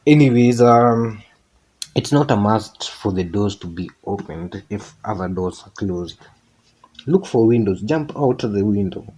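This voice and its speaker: Slow, low-voiced rambling man. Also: animated, darkish tone, slightly rough. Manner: rambling, digressive, self-correcting. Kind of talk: casual motivational monologue.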